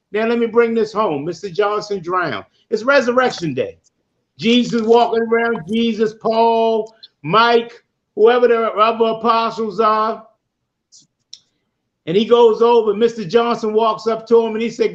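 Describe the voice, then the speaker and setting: A man with a high voice tells a story like a preacher giving a sermon, with lively, rolling cadences as he hosts a podcast. The audio is dull and lo-fi, like a call recording. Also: a little slow. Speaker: podcast host.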